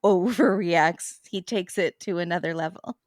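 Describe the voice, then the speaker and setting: A woman's voice: fairly low pitch, moderate pace, no echo, studio quality. A woman guest on a podcast, chatting casually, laughing often and giving short agreeing replies. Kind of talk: casual chat.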